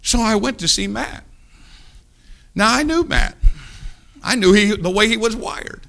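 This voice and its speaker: A man preaching a sermon, telling a folksy story in a hushed voice and then rising into loud exhortation. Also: high voice, expressive, measured pace, gravelly.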